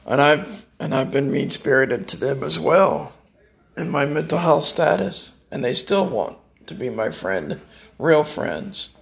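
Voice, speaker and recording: A man's voice: mid-range voice, sing-song, a little slow, vocal fry, fairly bright tone. A man chatting casually in a home vlog, rambling, heartfelt and joking. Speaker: vlogger. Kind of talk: casual chat.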